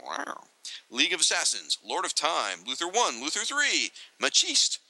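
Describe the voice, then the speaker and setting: Bright, lively man rattling off lists. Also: fairly high pitch, normal speed, dry recording, poor audio. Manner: excitable, rattling off lists with joking asides. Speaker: podcast co-host. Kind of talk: casual chat reading from a reference book.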